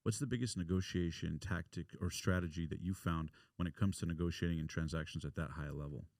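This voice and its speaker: A man hosting an interview, asking brisk, direct questions. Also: sits low, fairly even intonation, a little mellow, no echo, clean studio sound. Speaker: host.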